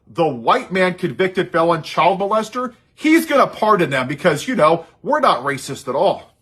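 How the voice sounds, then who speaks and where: A man's voice: sits high, very animated, moderate pace, hardly any pauses, fairly bright tone, breathy edge. A man giving an impassioned, sarcastic political monologue. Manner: sarcastic, heated, mocking asides. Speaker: social media commentator.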